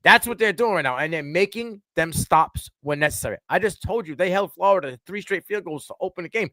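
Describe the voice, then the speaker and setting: Man, sports podcast co-host, high lively voice, excitable restarts. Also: quick pace, dry recording. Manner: animated, trails off and restarts. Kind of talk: casual sports chat.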